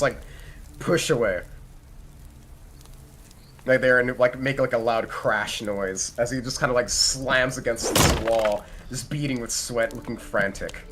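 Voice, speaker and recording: A man's voice: medium pitch, fairly bright tone, slight background noise. A man describing his character's actions in a tabletop game, rambling with many fillers. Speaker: player.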